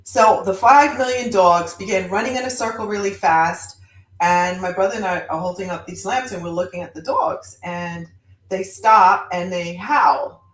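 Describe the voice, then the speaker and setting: A woman guest on a chat show, telling a story with lively, animated delivery. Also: medium pitch, normal speed, reverberant, poor audio. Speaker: guest author. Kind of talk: casual podcast chat.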